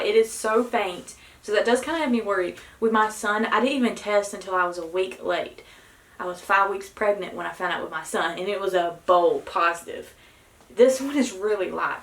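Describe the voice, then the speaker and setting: Excitable young woman with gravelly edge. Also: medium pitch, reverberant, low-quality recording. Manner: excited and nervous, many gasped exclamations. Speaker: vlogger. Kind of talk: casual vlog talk to camera.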